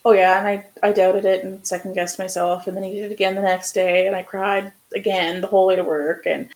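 A woman's voice: medium pitch, flat delivery, a little fast, darkish tone, poor audio. A young woman co-hosting a podcast, talking in a rambling casual way with lots of fillers. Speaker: podcast co-host. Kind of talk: casual chat.

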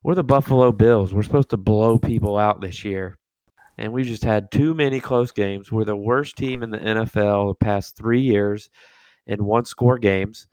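A man's voice: lowish voice, normal speed, darkish tone, smooth, dry recording. A man co-hosting a casual sports podcast, ranting in an exasperated way. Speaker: podcast co-host. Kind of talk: casual chat.

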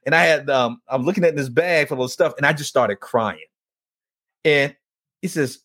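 A man's voice: mid-range voice, moderate pace, pauses often, fairly bright tone, breathy edge. A man hosting a faith talk show, telling an emotional personal testimony and acting out the dialogue in it. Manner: earnest storyteller acting out dialogue. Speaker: show host and men's ministry leader.

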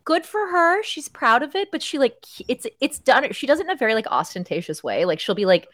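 A woman's voice: high voice, very animated, a little fast, fairly bright tone, no room sound. Chatty woman podcast co-host, dry sound. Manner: chatty, gossipy, lots of fillers. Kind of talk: casual chat.

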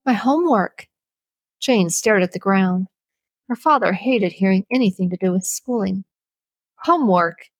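Reading a novel aloud for an audiobook, this narrator has a medium-pitched voice and no echo around her. She keeps the storytelling even and deliberate.

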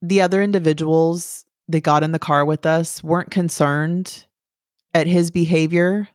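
Low-voiced woman telling her story. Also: fairly even intonation, darkish tone, dry recording, clean studio sound. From United States. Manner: candid, halting, plain-spoken. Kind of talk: personal testimony.

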